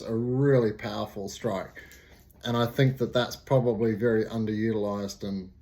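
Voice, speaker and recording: A man's voice: fairly low pitch, darkish tone. A middle-aged man from New Zealand, a martial arts instructor, talking casually to camera, nasal from a cold and rambling with many fillers.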